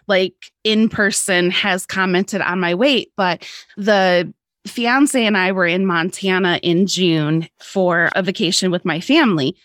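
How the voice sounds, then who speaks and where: A woman's voice: mid-range voice, fairly bright tone, no room sound, studio quality. A woman guest on a podcast telling a personal story in a candid, casual way, swearing freely and laughing often.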